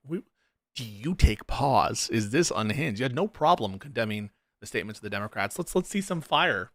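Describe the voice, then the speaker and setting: A man's voice: medium pitch, expressive, moderate pace, fairly bright tone, no room sound, clean studio sound. A man giving sarcastic, argumentative commentary on political clips, laughing at them as he goes. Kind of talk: casual reaction commentary.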